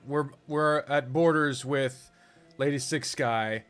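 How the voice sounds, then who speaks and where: A man's voice: medium pitch, slow pace, fairly bright tone, clean tone, soft background music. A man streaming a strategy game, rambling casually, talking to himself and swearing often. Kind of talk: casual live-stream chat while gaming.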